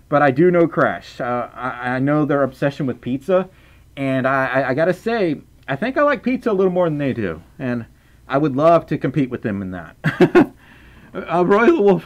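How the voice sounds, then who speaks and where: A young man chatting casually on a livestream, reading out chat and donations with playful stammers and restarts. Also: fairly high pitch.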